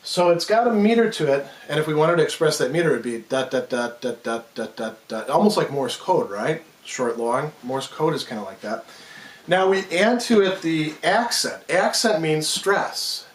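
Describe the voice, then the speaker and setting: A man's voice: on the high side, animated, moderate pace. A man giving an unscripted philosophy lecture. He thinks aloud, restarts often and taps out rhythms with his voice. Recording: roomy echo, mic at a distance.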